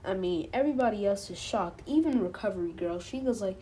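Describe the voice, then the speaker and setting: A woman's voice: mid-range voice, animated, fairly quick, few pauses, warm tone, a little hiss or hum. A woman casually retelling a fan-made story, rambling along with lots of fillers and stopping to correct herself. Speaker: channel host.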